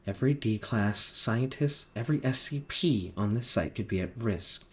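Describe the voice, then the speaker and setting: A man voicing a calculating male agent in a flat, deliberate monotone. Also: on the low side, lightly acted. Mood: cold.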